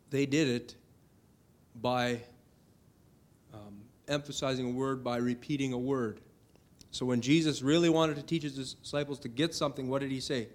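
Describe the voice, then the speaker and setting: A man's voice: medium pitch, a little mellow. A middle-aged man preaching a sermon earnestly, building to emphatic declarations as he reads scripture.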